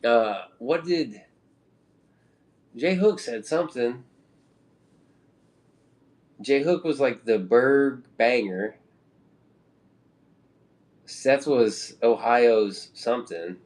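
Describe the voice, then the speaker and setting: A man's voice: medium pitch, very slow, long pauses, a little mellow. A man from the Midwest chatting casually on a live stream, rambling with loose slang and casual swearing. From American Midwest.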